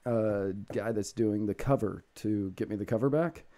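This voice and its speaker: A man hosting a podcast in casual chat, talkative and quick to laugh. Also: on the low side, mellow. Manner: chatty, laughs often. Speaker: podcast host.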